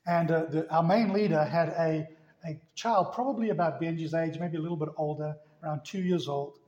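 A man's voice: on the high side, normal speed, darkish tone, lo-fi sound. A man preaching a sermon as pastor, telling stories with emphatic, rising delivery. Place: church.

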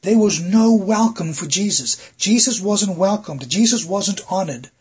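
A middle-aged man delivers a sermon with a strongly husky, raspy voice that sits a little higher than most men's. He preaches earnestly and presses his listeners with rhetorical questions. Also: lively intonation, unhurried, darkish tone. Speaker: pastor.

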